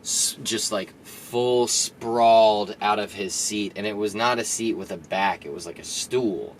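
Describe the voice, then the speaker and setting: A young man co-hosting a podcast, laughing often and teasing his co-host as he tells animated stories, recorded on camera audio. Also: on the low side, a little slow, slight background noise. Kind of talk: casual chat.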